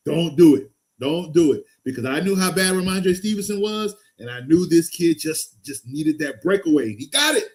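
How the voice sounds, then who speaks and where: Hyped up guy on a live stream, higher voice, rambles then mutters to himself. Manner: excitable, loose and rambling, swings from loud hype to low muttering. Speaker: fantasy football show host. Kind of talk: casual live-stream talk.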